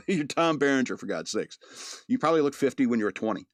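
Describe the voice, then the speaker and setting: A man in a solo podcast, mid-pitched, chatting loosely about a film and laughing a lot. He bursts into exaggerated voices for quoted lines, recorded dry and close. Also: animated, quick pace, no echo. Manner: rambling, laughs often, acts out quotes. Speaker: podcast movie reviewer. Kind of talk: casual solo review.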